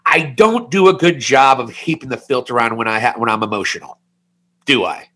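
A man's voice: mid-range voice, brisk, sharp tone. A man in his forties co-hosting a podcast, telling a candid, rambling personal story with self-mocking jokes. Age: 40s. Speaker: podcast co-host. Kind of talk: casual podcast chat.

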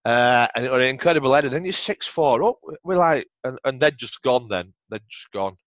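A middle-aged former footballer with a Yorkshire accent guests on a podcast, speaking briskly in a mid-range, slightly bright, animated voice with no echo. In a casual interview he rambles through football anecdotes, swearing freely.

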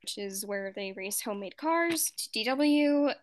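A young woman chatting casually, retelling a story with lively energy. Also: a little slow. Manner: animated storyteller, acts out quoted lines in high voices. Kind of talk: casual chat.

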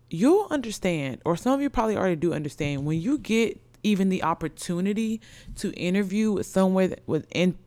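A young adult woman telling her viewers a story in a chatty, excitable, slangy way. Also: low-pitched, smooth, dry recording. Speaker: vlogger.

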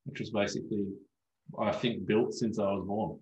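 Swearing man with a low voice. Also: moderate pace, roomy sound, low-quality recording. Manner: swears freely, animated storyteller. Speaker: osteopath guest. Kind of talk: casual podcast chat.

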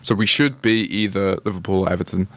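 A man's voice: low voice, fast, no echo. A young man from Merseyside, England, guesting on a podcast in casual chat, making dry teasing remarks and chuckling.

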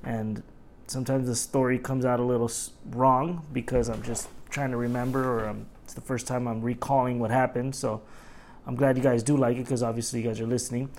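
A middle-aged man hosting a casual solo podcast, ranting in animated, profane stories and acting out what people said. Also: mid-range voice, brisk, slight background noise. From Los Angeles area. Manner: animated, profane storytelling with acted-out quotes. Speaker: podcast host.

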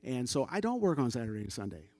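A man's voice: mid-range voice, very animated, fast talker, a little mellow, no room sound. A middle-aged man telling a story as a church testimony, casual and conversational, acting out the dialogue of the people he quotes. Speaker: church member giving testimony.

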